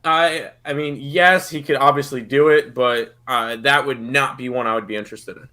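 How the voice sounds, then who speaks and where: In a steady, sharp mid-range voice at a moderate clip, a livestream betting analyst rambles through his basketball picks. He sounds confident but keeps repeating words as his thoughts form, in a casual sports-betting chat.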